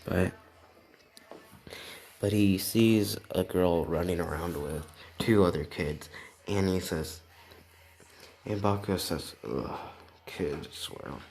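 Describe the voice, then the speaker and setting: A young man with a deep, dark voice improvising a fan story. He speaks softly and rambles, stopping often to correct himself. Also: slow pace, long pauses. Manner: rambling, self-correcting, soft-spoken. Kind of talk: improvised fan-fiction narration.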